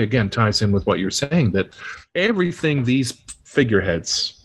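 Male podcast co-host, low and husky, measured and agreeable. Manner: agreeable, measured, often backchanneling. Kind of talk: casual conversation.

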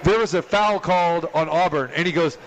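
A man hosting a casual sports betting chat, telling animated stories and acting out what others said. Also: brisk. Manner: animated storyteller, acts out quotes with loud high bursts. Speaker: sports betting show host.

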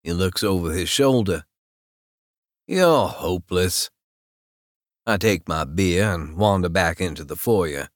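A man narrating a romance audiobook in the first person, with a low-key, wry inner voice. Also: moderate pace, few pauses, no room sound, studio quality.

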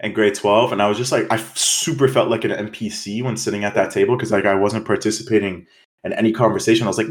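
A young man from Canada co-hosting a podcast, telling stories in casual, animated chat with swearing. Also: on the low side, fast talker. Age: young adult. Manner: animated storytelling, swearing, quoting others. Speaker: podcast co-host.

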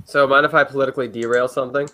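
A man's voice: medium pitch, steady tone, racing, sharp tone. A man chatting casually about politics as a guest, rambling and hesitant, with many fillers and restarts. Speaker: guest commentator.

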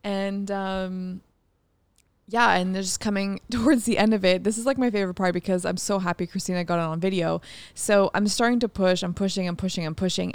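A woman's voice: medium pitch, clean tone, no room sound. A young woman co-hosting a podcast, telling a personal story candidly, swearing freely and laughing often. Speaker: podcast co-host.

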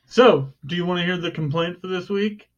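A man's voice: sits high, moderate pace. A man co-hosting a podcast, making jokes in casual banter. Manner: jokey, playful, switches into mock newsreader voice. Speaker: podcast co-host. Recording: dull lo-fi home recording.

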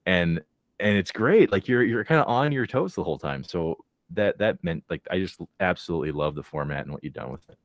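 A man's voice: low voice, expressive, dry recording, studio quality. A man hosting a podcast, chatting casually, laughing easily and praising his guest. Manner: laughs easily, warm backchannel, quick when praising. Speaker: podcast host. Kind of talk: casual chat.

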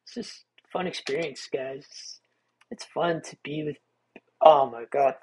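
A man's voice: fairly high pitch, unhurried, darkish tone, slightly rough. A young man hosting a solo podcast, rambling in a laid-back way with many restarts and fillers. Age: young adult. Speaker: podcast host. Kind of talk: casual solo podcast monologue.

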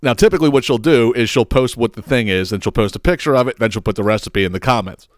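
A man's voice: medium pitch, fast talker, dry recording, clean studio sound. A middle-aged man who hosts a podcast, telling rambling, profane stories with frequent laughs and exasperation. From southeastern Pennsylvania. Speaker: podcast host. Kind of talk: casual solo podcast rant.

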